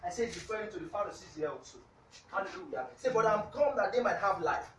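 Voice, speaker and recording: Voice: mid-range voice, expressive, fast talker, slight background noise. A preacher delivering a sermon, reading scripture aloud and punctuating almost every point with hallelujah while quizzing the congregation. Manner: asks the congregation questions. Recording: echoey room, voice from a distance.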